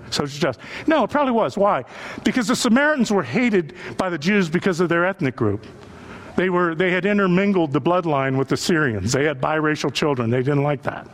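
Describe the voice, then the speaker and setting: A male pastor preaching a sermon to a church that is also streamed online, acting out the voices of the people he quotes. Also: high-pitched.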